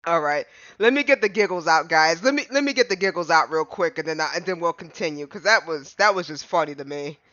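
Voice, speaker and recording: A man's voice: on the high side, expressive, fairly quick, sharp tone, no echo, highs cut off. A man streaming a game live, chatting casually and rambling to his chat between fits of giggles.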